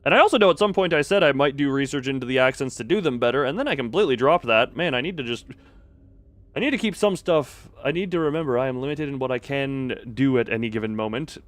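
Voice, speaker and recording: A man rambles through a casual game stream, cracking jokes and chatting with viewers. His voice sits at an ordinary middle pitch. The sound is dry and close, with no room around it. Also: animated, quick pace, a bit bright, no room sound. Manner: jokey and rambling, with playful repeated bits. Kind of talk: casual live-stream chat and reading game dialogue aloud.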